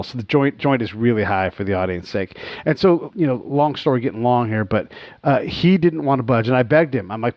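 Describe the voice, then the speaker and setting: A man's voice: mid-range voice, fairly quick, no room sound, muffled recording. A man hosting a podcast, telling stories in a casual chat and acting out the dialogue he quotes. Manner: animated, acts out quoted dialogue. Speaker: podcast host.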